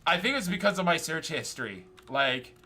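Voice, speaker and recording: High-pitched guy streaming games, rambly and excitable, sharp bright voice. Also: normal speed, a little hiss or hum. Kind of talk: casual chat while gaming.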